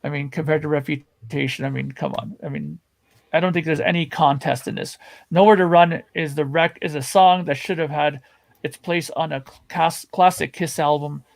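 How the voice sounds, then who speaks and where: A man's voice: fairly high pitch, moderate pace, creaky. A man chatting as a podcast panelist, emphatic and repeating himself as he argues his point. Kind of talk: casual podcast chat.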